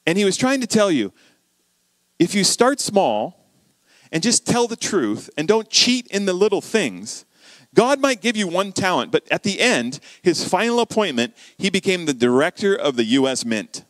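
Man, sermon storytelling, fairly high voice, dry close sound, animated quoted dialogue. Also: normal speed, dry recording. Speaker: preacher.

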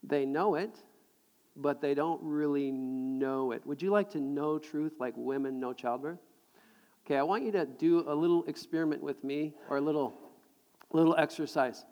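A middle-aged man preaching a sermon to a live congregation, animated and jokey, repeating words as he builds a point. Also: on the high side, moderate pace. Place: large hall with audience. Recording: long hall reverb.

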